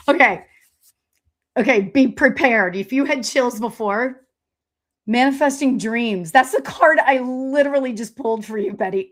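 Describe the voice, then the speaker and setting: A woman spiritual medium doing a live stream tarot reading. She talks in a gushing, chatty way with many laughs and excited exclamations. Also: fairly high pitch, unhurried. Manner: chatty and rambling, with fillers and restarts.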